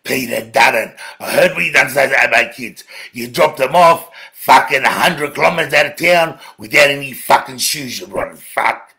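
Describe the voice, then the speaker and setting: An Australian man in an angry, profane monologue to camera, dropping to low mutters, then shouting. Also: moderate pace, gravelly. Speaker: video ranter.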